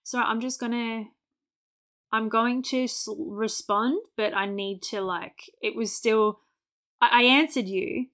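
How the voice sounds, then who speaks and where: A woman's voice: fairly high pitch, fairly even intonation, slow pace, fairly bright tone. A young adult woman co-hosting a podcast, chatting candidly, laughing often and acting out what she said before. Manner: candid, laughs often, acts out her own past words. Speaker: podcast co-host. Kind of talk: casual chat.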